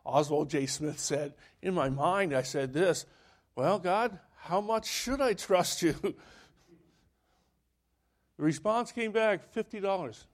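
Man preaching a sermon, high voice, takes his time, acts out the story. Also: slow, long pauses. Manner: animated storytelling, acting out quoted voices. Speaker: pastor.

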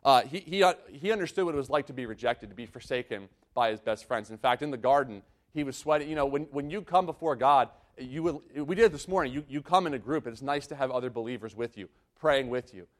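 A man's voice: medium pitch, expressive, fast, few pauses. A man preaching a sermon, reading scripture and explaining it in an earnest way, often repeating and restarting his phrases. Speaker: pastor.

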